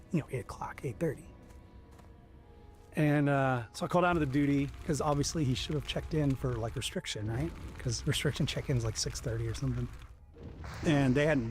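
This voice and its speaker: A man's voice: mid-range voice, moderate pace, long pauses, over music. A middle-aged man casually telling a long military story with lots of profanity, acting out the voices of the people in it. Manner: profane, animated, acts out quoted voices.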